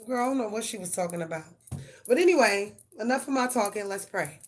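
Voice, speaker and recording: A woman's voice: medium pitch, lively intonation, fast talker, slight background noise. Profane woman doing live tarot readings. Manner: blunt, profane, talks straight to viewers. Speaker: tarot reader. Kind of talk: live-stream tarot reading and casual chat.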